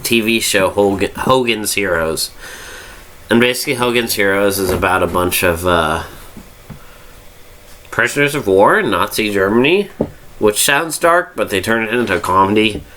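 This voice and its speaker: A man's voice: lowish voice, bright, forceful tone, a little hiss or hum. A drunk man hosting a casual, rambling review monologue, swearing freely and losing his train of thought. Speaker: fanfiction review host.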